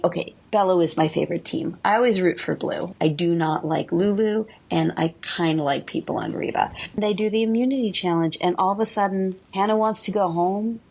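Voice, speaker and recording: Gravelly-voiced woman caller from Maine. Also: fairly low pitch, a little fast, few pauses, darkish tone. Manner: chatty, exclamatory, opinionated. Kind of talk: recorded voicemail fan review.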